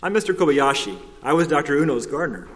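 A man's voice: a little high, big pitch swings, fast talker, pitched above the performer's own voice. A man voicing a stooped, kindly old gardener in a storybook, plain and friendly. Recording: long hall reverb.

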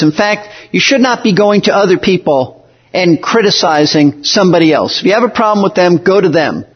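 A man preaching a sermon in an earnest, measured way, slowing down to stress key words. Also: high-pitched, husky, lo-fi sound. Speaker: pastor.

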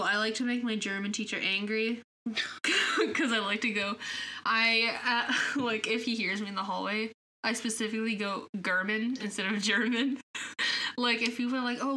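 A teenage girl chatting casually with a friend, giggling often and reeling off names in a flat run. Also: a little high. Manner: giggly, lists names in a rapid deadpan run. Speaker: student. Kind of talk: casual chat.

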